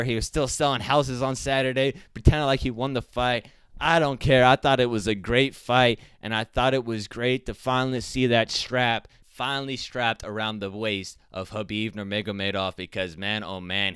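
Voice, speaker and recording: A man in a fight commentary vlog, blunt and opinionated, swearing freely as he talks. His voice is smooth and clear, recorded dry and close. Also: medium pitch, fairly bright tone, dry recording. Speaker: MMA commentator.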